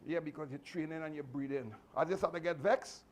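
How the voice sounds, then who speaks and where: A man with a slightly high voice speaks a bit quickly. He's a martial arts instructor giving his students a motivational talk, earnest and repetitive, restarting often. His tone is that of a father handing out advice.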